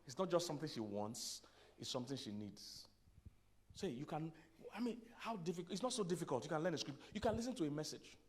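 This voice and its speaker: Joking pastor preaching to men. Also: male voice, fairly high pitch, lively intonation, fast talker. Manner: jokey and conversational, laughing at his own punchlines. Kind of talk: humorous sermon to men. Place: church conference hall.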